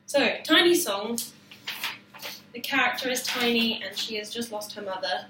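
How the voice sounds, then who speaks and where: Woman, self-filmed, halting explainer with fillers; faint room noise behind. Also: fairly high pitch, animated. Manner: hesitant, many fillers and restarts. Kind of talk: informal spoken explanation to camera. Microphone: self-filmed camera or phone. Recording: roomy, distant, faint background noise.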